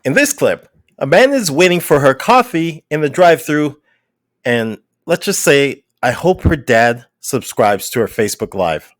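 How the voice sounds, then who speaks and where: Male narrator, animated pitch, sardonic commentary, dry close sound. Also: measured pace, dry recording. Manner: sardonic, editorializing.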